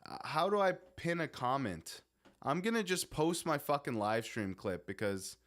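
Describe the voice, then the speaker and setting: A man's voice: mid-range voice, fairly bright tone. A young man live streaming, chatting casually with his viewers in a rambling, swearing way that keeps breaking off. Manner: rambling, swearing, self-interrupting.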